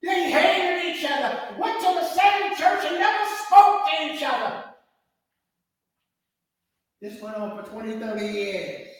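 High-voiced preacher in echoing hall. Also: male voice, fairly bright tone. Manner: fervent preaching, repeats scripture with call-and-response questions. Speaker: pastor. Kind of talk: sermon. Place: church sanctuary. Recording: echoey church hall, distant mic.

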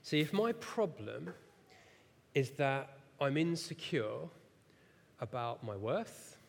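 A man preaching in a reverberant church hall, his pitch swinging widely as he tells a story about himself. He speaks in a slow, unhurried way and pokes fun at his own failings. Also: creaky. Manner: self-mocking, animated storyteller who laughs at himself. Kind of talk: sermon with personal storytelling.

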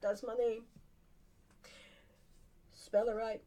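A woman's voice: a little high, flat delivery, takes it slowly, mellow. A woman hosting her podcast, chatting casually, rambling and laughing often. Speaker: podcast host. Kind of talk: casual solo chat.

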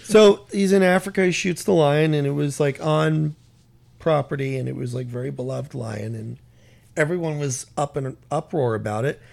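Gravelly man telling stories. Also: a little high, moderate pace, a little mellow. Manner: storytelling, searching for words. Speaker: podcast co-host. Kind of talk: casual opinion chat.

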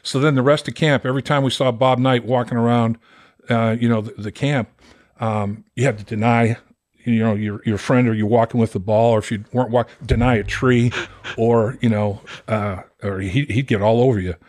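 An older man in his sixties from Massachusetts, a podcast guest telling lively stories in casual chat and acting out the voices of the people he quotes. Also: medium pitch, moderate pace. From Boston area, Massachusetts. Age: 60s. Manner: animated, acts out quoted voices, laughs while telling stories. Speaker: podcast guest, former pro football player. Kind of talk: casual storytelling.

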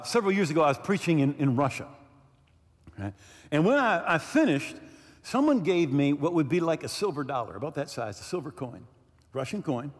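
A male pastor preaching a sermon emphatically, repeating key phrases and checking in with the congregation. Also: on the high side. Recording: long hall reverb.

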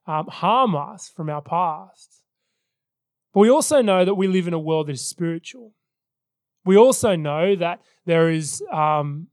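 Earnest high-voiced male pastor preaching. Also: darkish tone, no echo, clean studio sound. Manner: earnest, personal storytelling. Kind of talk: sermon. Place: church service.

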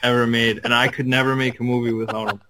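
A man's voice: medium pitch, level tone, quick pace, pushed and bright, slight background noise. A man co-hosting a casual podcast chat, talking in a laid-back, easygoing way. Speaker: podcast co-host.

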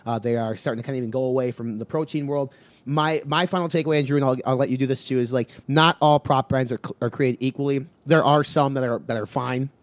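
Fast-talking man in a dry recording. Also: medium pitch, fairly even intonation, dry recording. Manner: loose, summarizing, casual swearing. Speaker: podcast co-host. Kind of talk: casual podcast chat.

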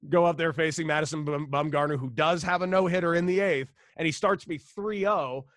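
A man's voice: on the high side, fairly quick, a bit bright, no room sound, studio quality. A man from Los Angeles, a former baseball player, telling a story in a casual interview, acting out the dialogue and swearing freely. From Los Angeles, United States.

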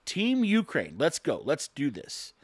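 A man's voice: huge pitch swings, a little slow, slightly rough, no room sound, full character voice. A man voicing a resigned, easygoing middle-aged husband in a comic story. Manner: shrugging, low-key.

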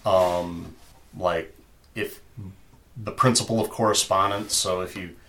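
A man's voice: deep voice, fairly even intonation, slow pace, noisy background. A man narrating as game master in a tabletop game, loose and chatty. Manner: loose and chatty, many fillers.

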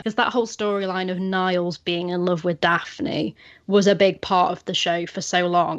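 A chatty woman hosts a podcast, her voice sitting low and talking with thoughtful enthusiasm. The sound is dull and very dry. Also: dry recording. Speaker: podcast host. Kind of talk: casual chat.

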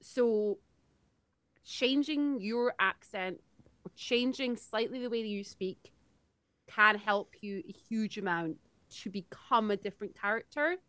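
A woman's voice: mid-range voice, measured pace, a bit bright, no room sound. A woman co-hosting a podcast, eagerly explaining from her own experience in a casual chat. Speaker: podcast co-host.

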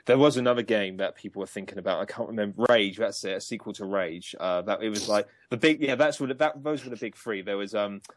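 A man co-hosting a casual gaming podcast, chatty and loose, with lots of ums and quick laughs. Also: lowish voice, no room sound. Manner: chatty, many ums and restarts, laughs easily. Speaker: podcast co-host.

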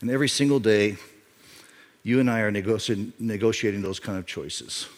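A middle-aged man preaching a sermon as a pastor, emphatic, repeating key phrases and swinging between loud and quiet. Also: lowish voice, brisk. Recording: reverb of a large hall.

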